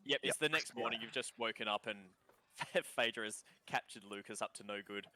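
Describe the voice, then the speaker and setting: A man's voice: mid-range voice, fairly quick, bright, forceful tone, slight background noise. A man with an Australian accent narrating a tabletop game as game master, loose and often laughing.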